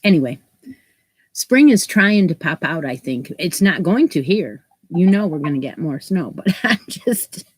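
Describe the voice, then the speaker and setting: A woman's voice: fairly low pitch, sing-song, a little slow, hardly any pauses, slightly rough, dry recording. A woman hosting a crochet live stream, chatting casually and greeting viewers by name, her nose stuffed up from allergies. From New York State, US. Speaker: crochet channel host.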